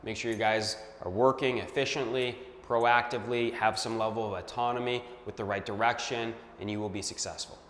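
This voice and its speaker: A man's voice: on the low side, steady tone, fairly quick, hardly any pauses, fairly bright tone, big-room sound, slight background noise. Hyped man touring a gutted house. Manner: hyped, punchy short phrases. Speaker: real estate investor. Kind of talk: walkthrough vlog. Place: empty house under renovation, indoors.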